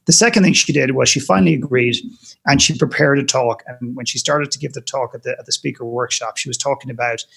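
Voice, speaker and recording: Man, very gravelly voice, passionate storyteller, podcast guest. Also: medium pitch, fast talker, fairly bright tone. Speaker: guest speaker.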